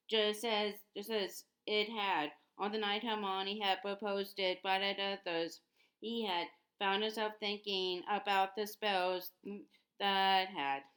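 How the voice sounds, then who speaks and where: A woman's voice: mid-range voice, fairly bright tone. A woman reading a novel aloud, stumbling and restarting often and spelling out hard names letter by letter. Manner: halting, with frequent restarts and repeated words. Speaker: audiobook reader. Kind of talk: amateur read-aloud of a novel.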